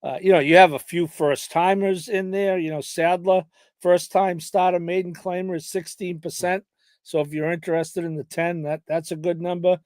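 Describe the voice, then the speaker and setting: A man co-hosting a podcast, casually talking through his horse race picks in a hesitant way, with many pauses and restarts. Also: sits high, flat delivery, a little mellow, dry recording. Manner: hesitant, lots of fillers and restarts. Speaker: podcast co-host handicapping horse races. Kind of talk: casual chat.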